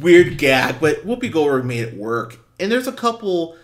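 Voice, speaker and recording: A man's voice: sing-song, moderate pace. A man co-hosting a movie podcast, talking in a casual, exasperated way with lots of swearing and restarts. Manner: acts out quotes in high mocking voices. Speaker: podcast co-host, film reviewer. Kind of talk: casual chat.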